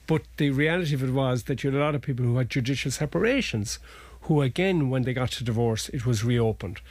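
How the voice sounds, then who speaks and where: A man's voice: mid-range voice, quick pace, a little mellow, dry recording. A man, a family law solicitor, explaining cases in a rambling, anecdotal way during a conversational interview.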